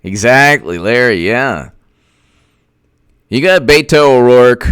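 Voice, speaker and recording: A man's voice: mid-range voice, expressive, slow, a bit bright, smooth, dry recording, clean studio sound. Sarcastic man streaming political talk. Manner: sarcastic, mocking, laughs often; reads and answers viewer chat. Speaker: political commentator, host. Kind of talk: casual livestream commentary.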